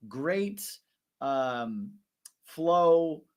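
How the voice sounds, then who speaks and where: A man's voice: on the high side, animated, very slow, clear, resonant tone, lo-fi sound. A man hosting an online rap tournament recap, talking in a casual, joking and profane way.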